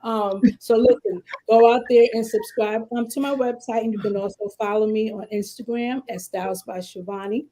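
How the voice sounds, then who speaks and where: A woman's voice: steady tone, normal speed, hardly any pauses, low-quality recording. A woman launching a clothing boutique, speaking in an upbeat, enthusiastic way on an online panel. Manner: upbeat, warmly enthusiastic pitch. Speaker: panel guest, boutique owner. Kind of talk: casual online panel chat.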